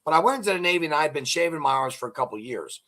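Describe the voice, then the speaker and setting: A man's voice: a little high, animated, rapid-fire, sharp tone. A middle-aged man hosting an interview, chatting casually and telling long rambling jokes and stories. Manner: rambling joke-telling storyteller. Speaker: host.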